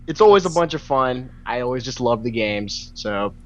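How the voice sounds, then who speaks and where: A man's voice: medium pitch, animated, moderate pace. Guest, man, hesitant and playful delivery, muffled lo-fi call line. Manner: hesitant, many ums, playful. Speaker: podcast guest. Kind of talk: casual chat. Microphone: video call. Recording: dull lo-fi video call audio.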